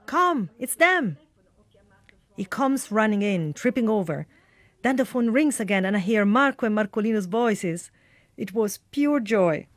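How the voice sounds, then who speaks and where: Female voice-over for translation, measured reading, dry studio. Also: medium pitch, lively intonation, no room sound.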